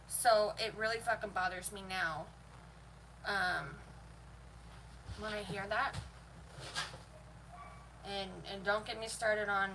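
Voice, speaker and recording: A woman's voice: medium pitch, steady tone, measured pace, long pauses, bright, forceful tone. Profane, heated woman ranting. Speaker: vlogger. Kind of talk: heated opinion rant to camera. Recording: voice a bit far from the mic, faint noise.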